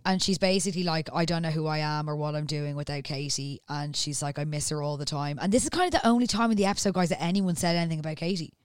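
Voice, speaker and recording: A woman's voice: deep voice, fast talker, hardly any pauses, clean tone, no room sound, studio quality. A woman recapping a TV series in casual chat, acting out the characters' lines as she goes. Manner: chatty storyteller, acts out characters' lines. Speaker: podcast host recapping a TV series.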